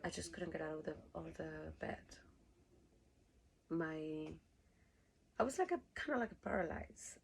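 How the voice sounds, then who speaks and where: A woman's voice: on the low side, animated, moderate pace, gravelly, long pauses, slightly rough, poor audio. A woman from Rica, telling a rambling story casually, laughing often and swearing freely. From Costa Rica. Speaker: cruise ship worker.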